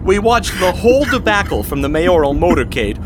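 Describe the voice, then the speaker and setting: A smug, chattering villain. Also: male voice, sing-song, normal speed, music in the background. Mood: needling. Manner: mocking, chattering, theatrical swings in pitch. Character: chatty smug male riddler villain, needling. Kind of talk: audio drama acting.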